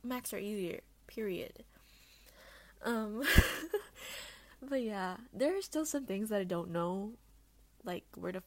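Chatty young woman, swearing freely. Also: mid-range voice. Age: young adult. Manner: chatty, swearing, self-mocking, with sudden loud bursts and hushed asides. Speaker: podcast host. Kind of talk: casual solo chat.

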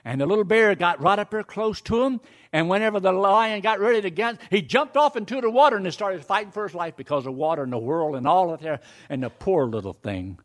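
Male preacher, folksy storyteller, slightly high voice, very lively delivery. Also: fairly quick. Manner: animated, folksy storyteller who acts out the scene.

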